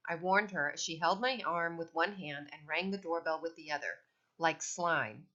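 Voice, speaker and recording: A woman reading a children's book aloud in a wry, deadpan storytelling manner, in a dull lo-fi recording. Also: low voice, moderate pace. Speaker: audiobook reader.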